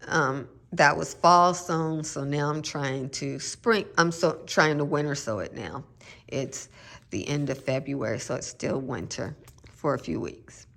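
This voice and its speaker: A woman gardening vlogger chatting casually and musing aloud, with self-deprecating asides. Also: low-pitched. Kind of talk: casual chat.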